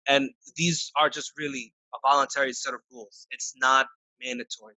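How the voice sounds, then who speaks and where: A man answering interview questions in a casual, halting way, often restarting his sentences. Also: mid-range voice, little pitch movement, bright, forceful tone, dry recording, rough recording. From United States. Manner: halting, many restarts and fillers. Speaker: interview guest.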